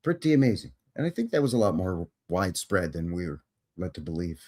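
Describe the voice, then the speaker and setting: A man's voice: low-pitched, big pitch swings, brisk, darkish tone. A man hosting a live show. He reads history aloud and breaks off for sarcastic, chatty ad-libs, often correcting himself. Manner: wry, sarcastic ad-libs between read passages. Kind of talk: reading history aloud with casual asides.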